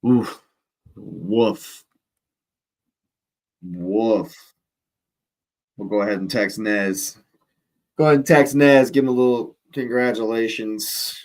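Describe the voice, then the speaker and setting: A man's voice: fairly low pitch, steady tone, slow pace, pauses often, darkish tone. A man hosting a football watch-along, calling the play live in a chatty, casual way with exclamations and slangy asides. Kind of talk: casual live match commentary.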